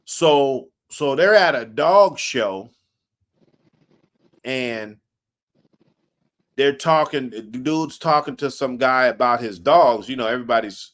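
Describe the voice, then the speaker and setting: A man's voice: mid-range voice, expressive, slow pace, pauses often, a bit bright. A man hosting a live stream, telling stories in a casual, slangy way, laughing often and cursing freely. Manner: acts out quoted people in a raised voice. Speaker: host.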